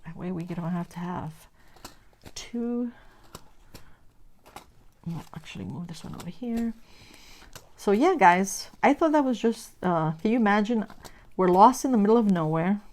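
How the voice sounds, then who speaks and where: A middle-aged woman vlogger telling a story while she crafts, acting out what people said in animated bursts. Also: medium pitch, a little slow, pauses often, slight background noise. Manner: animated storyteller, acts out quotes.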